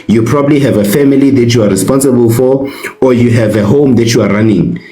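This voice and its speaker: A man's voice: mid-range voice, warm tone, reverberant, poor audio. A South African man on a live panel debate, speaking indignantly and repeating his points for emphasis.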